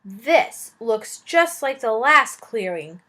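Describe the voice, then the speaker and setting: A grumpy, impatient dragon from a children's storybook, drawling its words slowly in a put-on accent. A woman voices it as she reads aloud. Its pitch swoops up and down. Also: big pitch swings, fairly bright tone, heavily acted.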